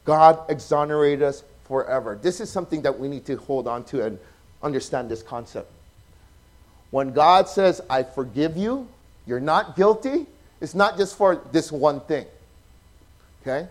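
A pastor, preaching a sermon that swings from loud, emphatic passages to soft, hushed ones. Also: male voice, on the high side, normal speed. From Hawaii.

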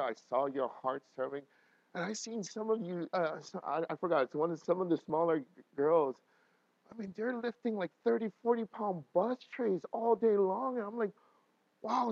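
A man in his thirties, a pastor telling personal stories in a sermon, emotional, swinging from quiet talk to loud laughing bursts. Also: fairly high pitch, dry recording, lo-fi sound.

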